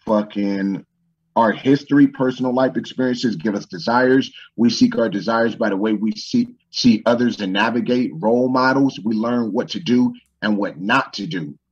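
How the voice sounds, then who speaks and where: A man's voice: medium pitch, moderate pace, recorded from a distance. A man on a casual talk show, ranting in a profane, fired-up motivational way. He sounds a little set back from the microphone, and the recording is dull and muffled. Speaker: podcast host. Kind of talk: casual chat.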